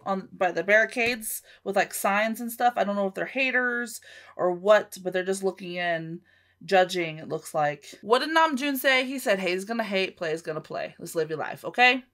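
A woman chatting casually as a reaction vlogger, excitable and gushing, full of exclamations and pauses. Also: mid-range voice. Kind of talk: casual reaction video commentary.

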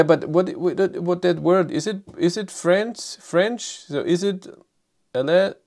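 A man's voice: mid-range voice, a little mellow. A middle-aged man with a German accent chats through a live stream in a mid-range voice. He stops and starts often and fills gaps with ums as he reads out viewers' questions and answers them. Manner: halting, many fillers and restarts, reads chat questions aloud. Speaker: livestream host.

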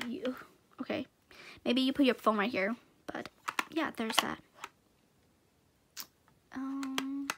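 Bubbly high-voiced woman unboxing gifts. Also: background noise. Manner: excitable, gushing, frequent gasps and giggles. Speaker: unboxing vlogger. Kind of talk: casual unboxing chat.

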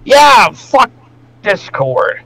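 A man hosting a casual reaction video over voice chat, excitable and swearing often with loud outbursts. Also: sits high, very slow, poor audio.

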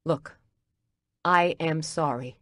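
Woman narrator doing a brusque angry man, low voice, slow, cutting words. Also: fairly bright tone, dry recording. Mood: bitter. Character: angry wounded man arguing with his ex.

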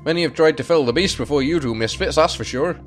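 A man voicing a hearty, loud woman blacksmith's daughter in a game, in a put-on regional accent. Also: on the high side, fast talker, soft background music, pitched above the performer's own voice, lightly acted. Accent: put-on British regional accent. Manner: loud, bellowing, excited.

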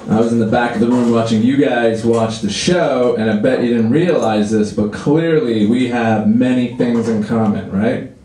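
A Canadian man in his thirties does a crude, self-deprecating stand-up set on a comedy club stage. His mellow, mid-range voice holds a steady tone at normal speed, and the club sounds echoey with audience noise.

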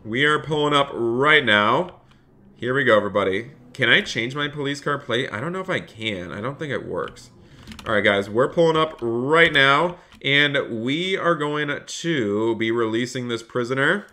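A man's voice: medium pitch, animated, normal speed, sharp tone. A man live-streaming a game, chatting upbeat with viewers and thanking them by name while playing a polite police officer. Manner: slips into a polite officer role with players. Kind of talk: live-stream gameplay commentary with police role-play.

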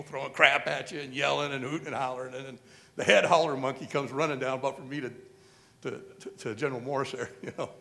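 A man stands before a convention crowd and tells a long war story in a relaxed, folksy way. He rambles, fills gaps with "uh" and "you know," and acts out the other men's lines in his own voice. His pitch sits in the middle. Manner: folksy, rambling with many fillers. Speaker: convention speaker. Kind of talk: storytelling speech. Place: convention hall.

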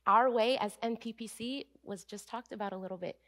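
A woman delivers a sermon in a church with a fairly high voice. She preaches earnestly and with emphasis. She slows down and leans on the key phrases. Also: fairly bright tone. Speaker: pastor. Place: church sanctuary.

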